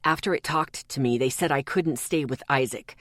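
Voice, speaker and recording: Woman voicing a bitter, scarred young man with a gruff growl, pitched low and clipped. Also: moderate pace, dry recording, studio quality.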